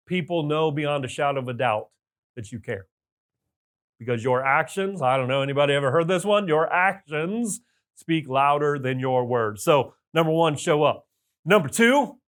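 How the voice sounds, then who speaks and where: A man giving a motivational talk to business owners, energetic with loud bursts of enthusiasm and emphatic repetition. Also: a little high. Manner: emphatic repetition of key points. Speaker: business coach.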